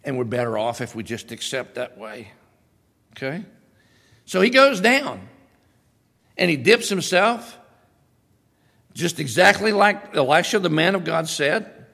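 A male pastor preaching a sermon in an animated, conversational way, with sudden loud bursts. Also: on the high side, measured pace, creaky, pauses often, long reverb tail.

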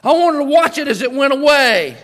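A man voicing a proud, indignant foreign army commander in a loud, high, ranting voice during a sermon. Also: sing-song, brisk, big-room sound, full character voice. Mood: petulant.

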